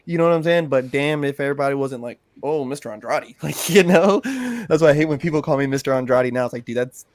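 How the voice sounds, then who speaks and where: Chill podcast dude, mid-pitched voice, dry close sound, says bro a lot. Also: male voice, quick pace, few pauses, no room sound. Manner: laid-back and profane, says "bro" and "you know what I'm saying" a lot. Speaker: podcast co-host. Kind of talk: casual chat.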